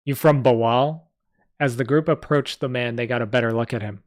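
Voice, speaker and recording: A man's voice: mid-range voice, fast talker, no echo. A man reading a story aloud on a live stream, with small slips and asides. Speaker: story reader.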